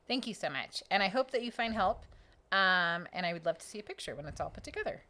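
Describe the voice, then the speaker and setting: A woman's voice: lively intonation, a little fast, pushed and bright, slight background noise. A sleepy, chatty woman co-hosting a live tool show, reading viewer super chats and thanking donors playfully. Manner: chatty, sings playful high dings for donations. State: sleepy, yawning. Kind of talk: casual live-stream chat.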